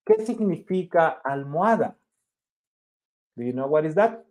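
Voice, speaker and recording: A man's voice: on the high side, expressive, normal speed, long pauses, a little mellow. A man teaching an online language class, explaining patiently step by step and checking in often. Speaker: Spanish teacher.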